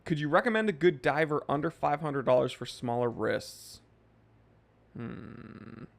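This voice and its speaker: A man's voice: a little high, expressive, fairly quick, creaky. Jokey man in his thirties, livestream host. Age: 30s. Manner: jokey, reads viewer comments aloud. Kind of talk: casual live chat reading.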